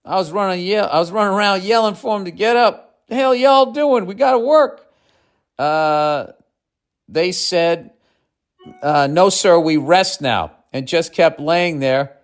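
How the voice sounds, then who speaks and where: A man voicing a gruff, folksy Southern carpenter boss with a put-on Southern accent and a drawling, exasperated manner. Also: fairly high pitch, unhurried, voice pushed up, natural voice.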